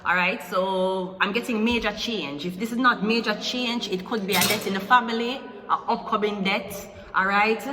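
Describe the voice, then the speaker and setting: A woman's voice: mid-range voice, bright, forceful tone. A woman hosting a casual tarot reading in a loose, chatty way, now and then breaking into song. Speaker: tarot reader and channel host. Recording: echoey room with long reverb and music. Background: music playing.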